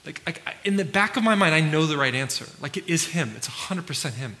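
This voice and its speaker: A man's voice: on the high side, expressive, fast talker, sharp tone, long reverb tail. A man preaching a sermon as pastor, talking casually with fillers and restarts.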